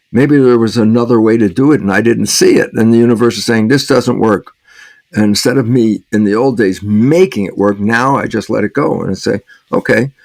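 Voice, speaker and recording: A man's voice: medium pitch, vocal fry, no echo. A man answering as an interview guest and author, acting out the back-and-forth of quoted conversations and chuckling often as he talks.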